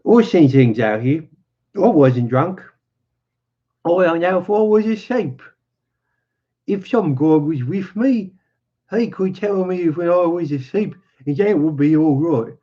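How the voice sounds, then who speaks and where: Man doing lonely older stable hand, slow drawling pleas, raised pitch, muffled lo-fi sound. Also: lively intonation. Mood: wistful. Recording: dull lo-fi.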